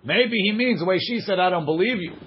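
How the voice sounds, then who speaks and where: A man's voice: high voice, a little fast, slightly rough, highs cut off. A man teaching a daily page of Talmud, reading the passage aloud and explaining it line by line.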